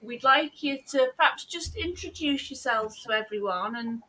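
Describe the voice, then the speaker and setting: Woman co-hosting a live chat, high bright voice, bubbly, teasing, faint hiss. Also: lively intonation, moderate pace. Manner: bubbly, laughs often, teasing. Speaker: co-host of a live chat show. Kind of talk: casual live-stream chat. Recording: faint background noise.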